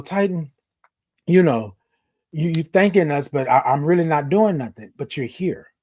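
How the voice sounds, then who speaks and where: A man's voice: medium pitch, mellow, slightly rough. Affirming man talking to viewers. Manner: repetitive, affirming, emphatic; talks directly to viewers. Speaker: host. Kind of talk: motivational livestream talk.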